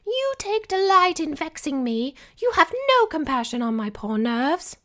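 A woman voicing a fretful middle-aged mother who shrieks her complaints in a shrill, loud, hysterical voice for an audiobook. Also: sing-song, unhurried, heavily acted. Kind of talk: audiobook character voice.

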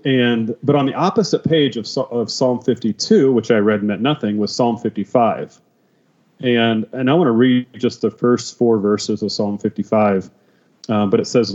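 A man telling his personal testimony as a podcast guest, emotional and halting, with many restarts. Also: mid-range voice, a little mellow, muffled recording.

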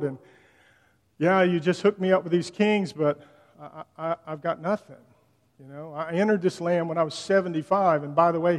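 High-voiced pastor in a reverberant hall. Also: male voice. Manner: conversational, retells scripture in plain slang. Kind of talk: sermon.

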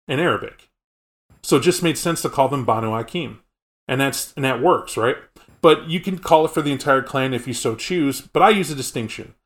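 Mid-pitched male podcast co-host, casual and explanatory. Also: fairly bright tone. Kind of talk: casual tabletop game lore chat.

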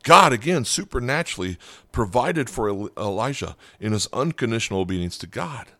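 A man preaching a sermon as a pastor, telling the story with lively acted-out dialogue. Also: medium pitch, fairly quick, no echo, studio quality. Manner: animated storytelling, acting out dialogue.

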